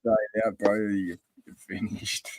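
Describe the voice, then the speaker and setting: A man's voice: lowish voice, level tone, slow, darkish tone, slightly rough, no room sound, low-quality recording. A man co-hosting a casual podcast, chiming in with short reactions and laughing along. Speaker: podcast co-host. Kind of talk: casual chat.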